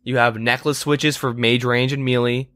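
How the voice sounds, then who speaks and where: A man's voice: mid-range voice, flat delivery, normal speed, fairly bright tone, no room sound, clean studio sound. A man co-hosting a casual gaming podcast, telling a long rambling story with lots of swearing and exasperated asides. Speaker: podcast co-host.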